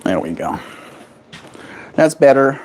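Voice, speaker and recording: A man's voice: medium pitch, sing-song, slow pace, noisy background. Playful man chatting on a live stream. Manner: playful, silly, reads chat aloud. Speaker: livestreamer. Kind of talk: casual live-stream chat.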